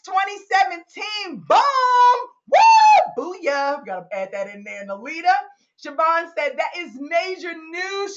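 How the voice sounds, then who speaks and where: A woman's voice: high voice, fairly bright tone, dull audio. A woman hosting a live Q&A call, reading out listeners' comments and cheering them on with whoops and laughter. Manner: exuberant, whoops and laughs often; hypes up listeners, calls them y'all.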